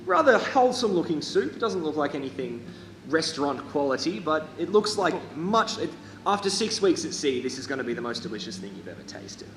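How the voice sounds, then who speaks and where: A man's voice: on the high side, very animated, brisk, a bit bright. A man narrating as game master of a live tabletop game, rambling and correcting himself with many fillers. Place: hall. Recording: echoey hall with background noise.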